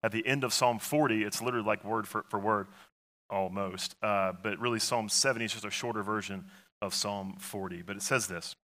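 A man's voice: on the low side, fairly even intonation, fairly quick, sharp tone. Earnest, conversational male pastor preaching. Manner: conversational, earnest, full of fillers and restarts. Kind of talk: sermon.

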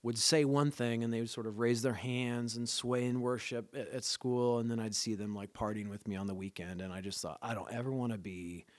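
Guy telling his testimony, earnest and animated, lots of ums, totally dry close recording. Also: mid-range voice, brisk, few pauses, no room sound. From Southern California. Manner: earnest, animated storytelling with many fillers. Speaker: guest sharing his conversion story. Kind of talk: casual conversational testimony.

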